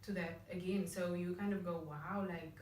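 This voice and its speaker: Cape Town woman, low, echoey distant mic. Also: flat delivery, fairly quick, a little mellow, a little hiss or hum. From Cape Town, South Africa. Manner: chatty and reflective, many restarts. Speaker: vlog co-host. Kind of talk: casual discussion.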